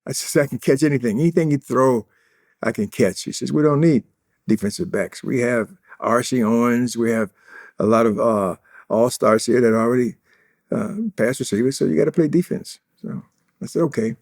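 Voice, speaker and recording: A man's voice: medium pitch, moderate pace, darkish tone. A man in his eighties from Indiana, a guest in an interview, telling stories boastfully and acting out the dialogue. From Indiana, USA. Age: 80s. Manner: boastful, acts out quoted dialogue. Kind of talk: casual interview storytelling.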